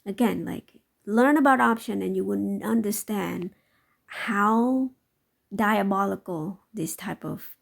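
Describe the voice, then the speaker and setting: Woman commentator, halting and sarcastic, very creaky, breathy tone. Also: medium pitch. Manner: halting, with many fillers and asides; sarcastic, skeptical. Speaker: stock market commentator. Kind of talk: reaction commentary over a news clip.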